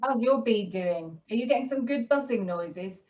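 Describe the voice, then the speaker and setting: A woman teaching a children's yoga class and giving gentle, encouraging instructions to young kids. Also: fairly high pitch, expressive, moderate pace, distant mic, dull audio. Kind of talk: guiding a kids' yoga class.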